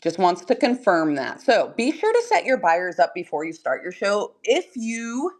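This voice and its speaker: A young woman hosts a seller-support livestream from home, explaining things quickly and chattily. Her voice sits a little low but moves up and down with lively energy, and she breaks into laughter often. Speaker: online reseller hosting a seller-support livestream. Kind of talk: livestream tutorial chat. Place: home room in front of shelves.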